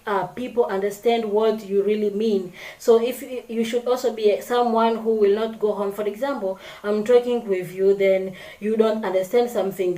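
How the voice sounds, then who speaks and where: A woman vlogger gives casual advice straight to camera, circling back and correcting herself as she goes. Her voice is mellow and a little dark. The room around her rings with echo. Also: mid-range voice. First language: French. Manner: unscripted, repeats and corrects herself, acts out quoted examples.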